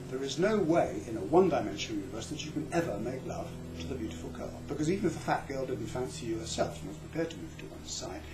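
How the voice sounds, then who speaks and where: Chatty comic lecturer, male, lively delivery in a roomy space. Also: medium pitch, noisy background. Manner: rambling, chatty, with self-interrupting repetitions.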